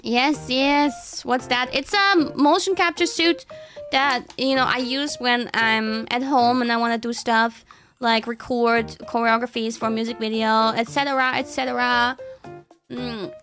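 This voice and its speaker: A woman's voice: a little high, steady tone, a little slow, fairly bright tone, soft background music. A young woman streamer in casual chat, rambling with lots of fillers and frequent giggles.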